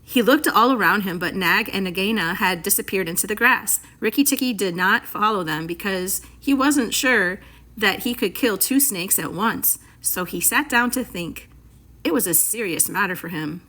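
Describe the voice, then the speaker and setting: A woman with a mid-range voice reads a classic story aloud for students, clear, expressive, and measured.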